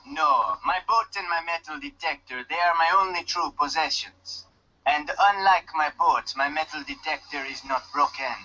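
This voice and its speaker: A wary, stranded fisherman in a video game, with a put-on Jamaican accent and stiff, clipped phrasing. The voice sits a bit high and rings bright. The game audio is dull and lo-fi. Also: moderate pace. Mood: gruff. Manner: stiff and curt, no contractions. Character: guarded loner fisherman marooned on an island.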